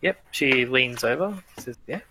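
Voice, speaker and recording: A man's voice: medium pitch, animated, a little slow, pushed and bright, a little hiss or hum, rough recording. A man narrating as game master in a tabletop role-playing game, easygoing and chatty, laughing often.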